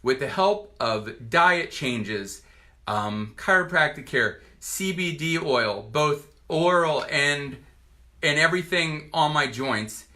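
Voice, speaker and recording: A doctor in his forties from Virginia gives a personal testimonial to camera, earnest but halting, with many restarts. His voice is a little high, expressive, pushed, and bright.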